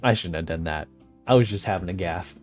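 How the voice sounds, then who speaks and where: A man's voice: low voice, a little fast, a little mellow, soft background music. A man streaming live and chatting casually with viewers, rambling and easily distracted, often laughing. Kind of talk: casual chat with livestream viewers.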